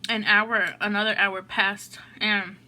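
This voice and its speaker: A woman's voice: mid-range voice, little pitch movement, slow, pushed and bright, a little hiss or hum. A woman hosting an eating show, telling a story in a rambling, casual way full of "like" and "oh my gosh.". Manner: rambling, filler-heavy, lots of "like" and "oh my gosh".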